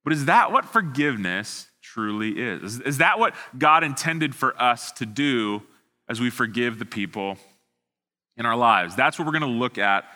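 A man's voice: mid-range voice, expressive, normal speed, bright, forceful tone. A man, a student pastor preaching an online sermon in a casual, self-deprecating way with frequent restarts. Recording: long hall reverb.

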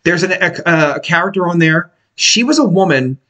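A man's voice: high voice, normal speed. A man co-hosting a casual, crude podcast, swearing often and jumping from topic to topic. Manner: animated, swears a lot, jumps between topics. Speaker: podcast co-host.

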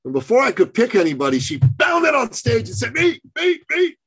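Animated male storyteller, dry close sound. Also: extremely high pitch, brisk, slightly rough, no room sound. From Canada. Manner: animated storyteller, acts out quotes. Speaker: business coach guest. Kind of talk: storytelling in a podcast interview.

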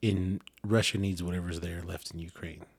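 A man's voice: steady tone, moderate pace, creaky, slightly rough, no room sound. A man chatting casually on a podcast, telling stories with plenty of swearing and acting out what people said. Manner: profane, storytelling, acts out quotes in a high voice. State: eating while talking. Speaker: podcast co-host. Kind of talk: casual chat.

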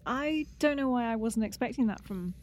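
A woman's voice: a little high, lively intonation, normal speed, darkish tone. Dry, teasing woman chatting. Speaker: podcast co-host. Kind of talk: casual chat.

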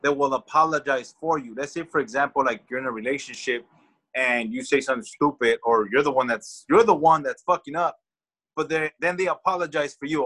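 Male co-host, bright tone, blunt and crude, quick to laugh. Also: mid-range voice, fairly even intonation, low-quality recording. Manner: blunt, heavily profane, laughs often. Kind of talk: casual podcast chat.

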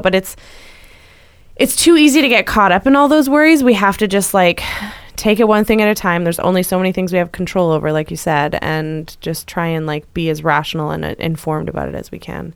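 A woman's voice: fairly low pitch, clean tone, no echo, clean studio sound. A woman co-hosting a podcast in casual chat, laughing often as she tells stories. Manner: laughs a lot, animated storytelling. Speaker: podcast co-host.

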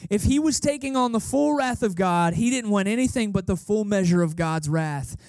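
Casual high-voiced preaching man. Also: normal speed, a little mellow, dry recording, studio quality. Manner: casual, storytelling, emphatic repetition. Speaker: guest pastor. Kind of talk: conversational sermon. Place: church service.

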